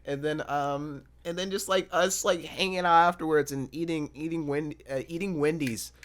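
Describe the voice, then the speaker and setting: A young man hosting a casual chat, halting and full of fillers and restarts. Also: a little high, fairly even intonation. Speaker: host.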